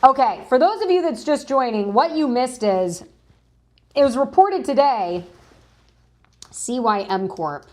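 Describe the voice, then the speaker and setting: A woman's voice: sits high, measured pace, long pauses. Chatty woman hosting a livestream. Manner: chatty, animated, greets viewers in chat. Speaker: livestream news host. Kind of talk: casual live commentary.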